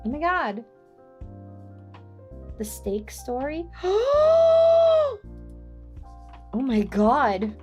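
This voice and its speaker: Young woman streamer chatting with her chat, kinda high voice, faint music behind. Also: animated, slow pace, long pauses, highs cut off. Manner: chatty, talks to her chat, sings lines to try them out. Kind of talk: casual livestream chat while working on a song.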